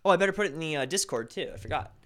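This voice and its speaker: Give me a young man chatting casually on a home live stream, with a somewhat high, bright voice and a loose, self-mocking way of talking. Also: animated, racing. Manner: chatty, self-deprecating, rambling with restarts. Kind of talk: casual live stream chat, reading comments.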